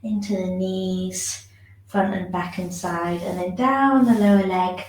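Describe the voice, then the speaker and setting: A woman teaching a shiatsu class, giving gentle, soothing step-by-step instructions for self-massage. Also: lowish voice, fairly even intonation, takes it slowly, echoey room, far from the mic, low-quality recording. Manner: gentle, soothing instructions, yawning now and then.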